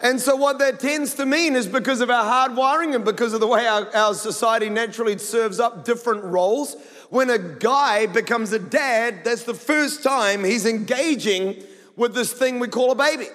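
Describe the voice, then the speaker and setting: A New Zealand man preaching from the stage, his voice sitting high for a man. He talks in a loose, joking, story-driven way. The sound rings with the long tail of a big hall. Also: normal speed, fairly bright tone. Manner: conversational, humorous storytelling. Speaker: pastor. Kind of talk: sermon.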